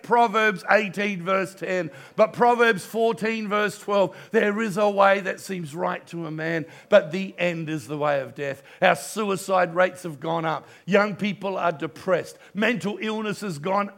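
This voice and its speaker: A middle-aged man, preaching a sermon in church and telling a story with passion, dropping to a hush and then rising loud. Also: high voice, normal speed. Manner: impassioned storytelling preacher, swings from hushed to loud. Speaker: pastor.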